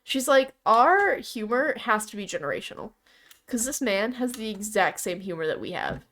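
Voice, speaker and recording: A woman's voice: fairly high pitch, animated, normal speed, fairly bright tone. Crude, playful young woman laughing. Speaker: podcast co-host. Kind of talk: casual chat.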